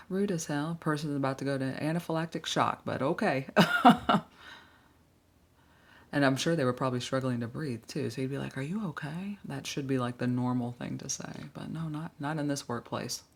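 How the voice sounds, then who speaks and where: A woman's voice: a bass voice, steady tone, brisk. A woman giving casual, blunt reaction commentary on workplace stories, sighing often with exasperated asides.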